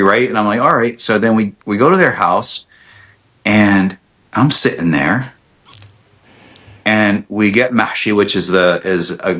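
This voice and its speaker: A middle-aged man with a somewhat low voice tells a story in casual podcast chat. He slips into other people's lines as he goes, and stumbles over restarts along the way. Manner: animated storyteller, acts out quotes, many restarts. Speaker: podcast guest, dentist.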